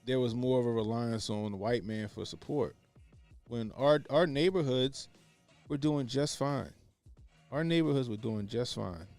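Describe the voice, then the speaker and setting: A man's voice: mid-range voice, a little slow, a little mellow, faint music behind. A man talking in casual opinionated commentary, blunt and profane, repeating his points for emphasis. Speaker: podcast co-host.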